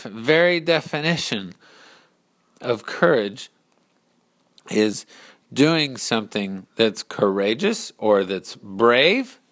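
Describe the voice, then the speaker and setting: A man telling a story slowly and deliberately, pausing to explain its lessons. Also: mid-range voice, fairly bright tone. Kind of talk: storytelling narration.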